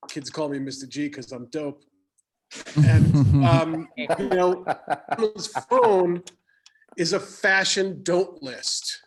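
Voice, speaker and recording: A man in his fifties doing stand-up from a classroom, halting, with many fillers and dry asides. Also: on the high side, a crowd in the background. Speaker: comedian and high school teacher. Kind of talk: stand-up comedy set.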